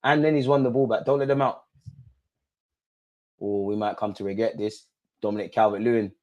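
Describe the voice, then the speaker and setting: A young man giving live, excitable fan commentary on a football match, shouting at the referee and dropping to low mutters. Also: fairly quick, lo-fi sound. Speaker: fan channel host.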